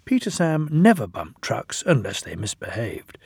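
A middle-aged man reading a children's storybook aloud, slow and animated, recorded close to the mic in a studio. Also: medium pitch, gravelly, husky, dry recording. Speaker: audiobook narrator.

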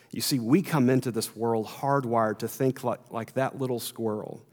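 A man's voice: medium pitch, steady tone, moderate pace, few pauses, darkish tone. Male pastor, earnest sermon, mid-range voice, long hall reverb. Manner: earnest, building emphasis, repeats words.

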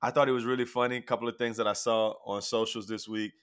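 A man's voice: mid-range voice, little pitch movement, fast, fairly bright tone, smooth. A man co-hosting a podcast, chatting and joking in a laid-back way. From Shreveport, Louisiana. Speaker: podcast co-host. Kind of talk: casual chat.

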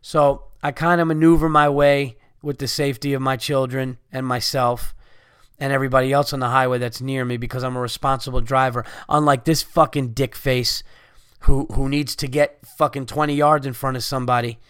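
A man's voice: mid-range voice, little pitch movement, a little fast, a bit bright, clear, resonant tone, dry recording, clean studio sound. A man in his thirties telling a heated, profane story as a podcast host, ranting and swearing. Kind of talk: angry storytelling rant.

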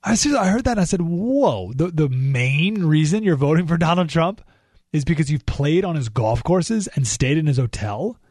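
A man hosting a political talk radio show, animated and exclamatory, thinking aloud with frequent restarts. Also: on the high side, moderate pace, no echo, clean studio sound. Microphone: studio microphone.

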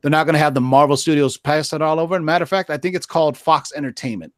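A man's voice: a little high, racing, no room sound, clean studio sound. A man chatting casually on a podcast, rambling and swearing freely with lots of filler words. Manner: rambling and profane, lots of "you know" fillers. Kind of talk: casual chat.

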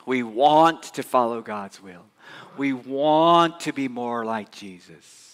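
A man preaching a sermon as pastor, swinging from loud emphatic bursts to soft hushed passages. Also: mid-range voice, slow, clean tone, in a large hall. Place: church sanctuary.

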